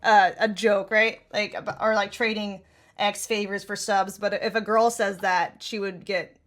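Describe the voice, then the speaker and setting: A woman's voice: medium pitch, little pitch movement, unhurried, fairly bright tone. A woman in casual podcast chat, rambling and filling her talk with "like". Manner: filler-heavy, rambling with frequent "like".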